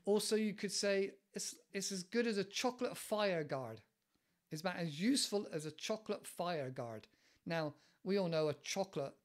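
A man with an English West Country accent who hosts a casual podcast lesson, explaining idioms in a chatty, digressive way and laughing often. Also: on the high side. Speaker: English teacher and podcast host.

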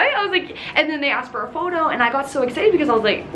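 A young woman YouTuber in a casual storytime chat, talking with lots of "like" and retelling events with animated energy. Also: sits high, brisk, hardly any pauses, slight background noise. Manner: chatty, filler-heavy with constant "like", animated retelling.

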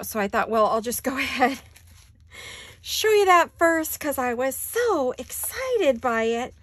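A woman's voice: high-pitched, fairly bright tone. A woman hosting a casual crafting chat from her home studio, chatty and gushing about her projects. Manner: chatty and gushing, with sighs and little laughs. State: out of breath. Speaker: crafting channel host.

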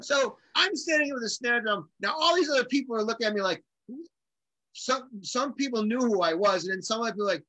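Animated drummer guy telling a story, bright voice, dry close sound. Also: high voice, brisk, no echo, poor audio. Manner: animated, acts out quotes in lively voices. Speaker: guest drummer. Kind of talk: casual storytelling.

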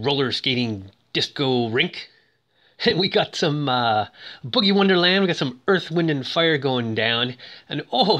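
A man's voice: mid-range voice, bright, forceful tone. A man giving casual, playful commentary over film clips, full of fillers and cheeky asides. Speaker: film reviewer.

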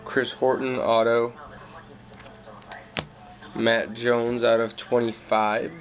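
A young man calmly listing off his trading cards in a casual showcase, with slang and frequent fillers. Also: medium pitch, slow. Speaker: card collector.

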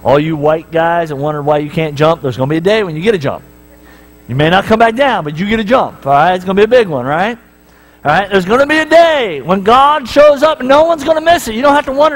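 Man, pastor, high-pitched voice, joking sermon, casual storytelling, church. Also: animated, quick pace, low-quality recording. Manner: casual, joking storytelling, often asking the crowd "right?".

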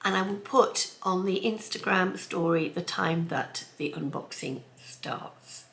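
A woman's voice: fairly low pitch, unhurried, creaky. Gushing woman unboxing. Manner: gushing, excitable, talks to viewers as folks. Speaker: sewing vlogger. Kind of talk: chatty unboxing vlog. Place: home sewing room.

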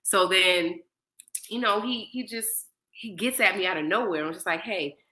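At a moderate pace and medium pitch, a mother in her thirties describes a personal experience as a guest in a casual interview. She acts out the voices of people she quotes in an animated way. The recording is low-quality.

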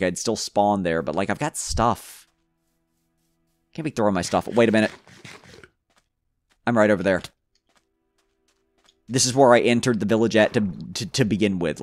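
A man's voice: deep voice, no room sound, clean studio sound. A man giving casual gameplay commentary, rambling and joking to himself with frequent stumbles. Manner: rambling, jokey self-talk with stumbles. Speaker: gamer.

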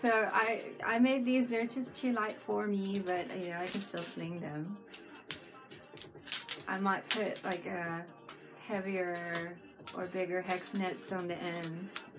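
A woman's voice: on the low side, flat delivery, slow, music in the background. A woman chatting casually on a live stream, giggling often and talking to viewers in the chat.

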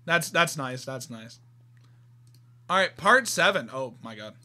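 A man's voice: mid-range voice, expressive, unhurried, pushed and bright. A man reading a fan story aloud and reacting with shocked exclamations and asides.

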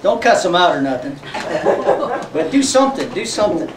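A man's voice: sits high, big pitch swings, a little fast, background noise. A man preaching a sermon as pastor, folksy and joking, often laughing. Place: church sanctuary. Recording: echoey church sanctuary, mic from far off.

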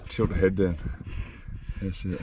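An Australian man giving excited running commentary while fishing from a boat, swinging from loud shouts to low coaching mutters. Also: unhurried, background noise. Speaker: fishing vlogger. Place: boat on the open sea, outdoors. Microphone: action camera.

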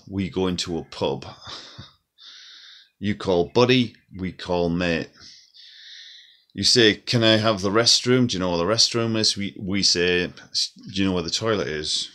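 A man's voice: sits low, fairly bright tone. A British man from the UK, chatting casually to viewers as a vlogger and laughing lightly between points. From United Kingdom. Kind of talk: casual explainer.

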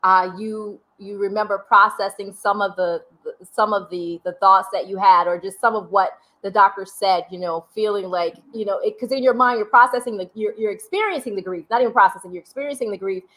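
A woman's voice: mid-range voice, fairly even intonation, brisk, a bit bright. Woman host asking rambling questions. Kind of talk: interview.

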